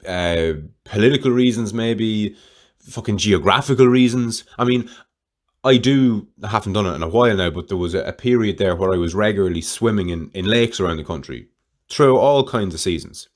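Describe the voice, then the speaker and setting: A man's voice: fairly low pitch, normal speed. A man hosting a solo podcast, talking candidly in a rambling way and swearing freely. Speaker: podcast host.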